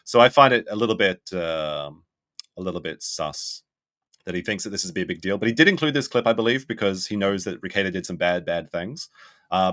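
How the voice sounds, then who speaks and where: Dry, low-voiced male streamer. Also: fairly bright tone, no echo. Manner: skeptical, blunt, thinks aloud. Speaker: streamer reacting to a documentary. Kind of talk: live stream commentary, reading chat.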